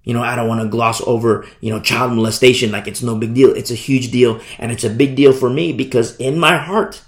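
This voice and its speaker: A man's voice: medium pitch, steady tone, brisk. A man preaching a passionate sermon as a pastor, sometimes acting out the voices of the people he describes. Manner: impassioned, mimics people in quotes.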